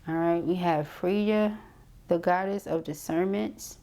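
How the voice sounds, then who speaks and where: A woman giving a tarot card reading, reading card messages aloud and explaining them, ending many phrases with a quick "okay?". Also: on the low side, dark tone, a little hiss or hum. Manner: reads card messages aloud then interprets. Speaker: tarot reader.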